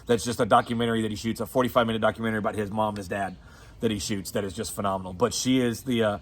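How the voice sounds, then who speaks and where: A man's voice: lowish voice, steady tone, rapid-fire. A man with a Southern US accent co-hosting a casual movie chat, rambling and profane, laughing often. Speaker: co-host.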